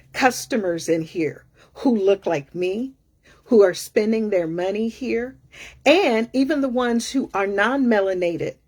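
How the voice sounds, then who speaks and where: Sassy, husky woman telling a story. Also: mid-range voice. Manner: animated, sassy, acts out other people's lines. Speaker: career coach. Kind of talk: casual storytelling.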